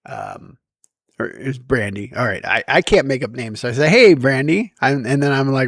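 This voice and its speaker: A man telling embarrassing stories to camera in a casual, self-deprecating way, with lively bursts when he quotes himself. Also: medium pitch, a little slow, no room sound, studio quality. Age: adult. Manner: animated, self-deprecating, with bursts of loud quoting. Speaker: vlogger. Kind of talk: casual storytime monologue. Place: outdoors in daylight.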